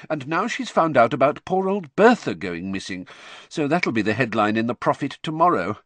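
A man's voice: medium pitch, no echo, voice pushed up. A man voicing a tired, irritable middle-aged father who grumbles.

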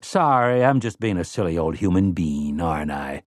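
A man's voice: low voice, lively intonation, normal speed, no room sound, clean studio sound, voice pushed down. A man voicing a sly, easygoing man who talks in a breezy, conspiratorial, folksy way.

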